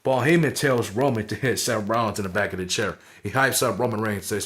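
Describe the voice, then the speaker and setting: A man's voice: medium pitch, a little fast, few pauses. A man casually recapping and reviewing a wrestling match, swearing freely and dropping "right?" and "you know what I'm saying" after most sentences. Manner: profane, rambling, fillers like "right?".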